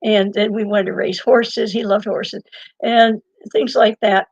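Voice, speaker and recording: An older woman being interviewed, telling a long personal story in a lively way, laughing now and then and restarting her sentences. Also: medium pitch, measured pace, creaky, no echo, highs cut off. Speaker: interview guest and author. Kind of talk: conversational storytelling.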